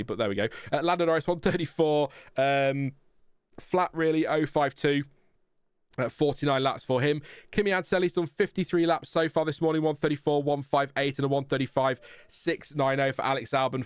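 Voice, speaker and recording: A man's voice: medium pitch, smooth, no echo, clean studio sound. A man hosting a live motorsport watchalong stream, chatting casually and then reeling off lap times. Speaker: livestream host.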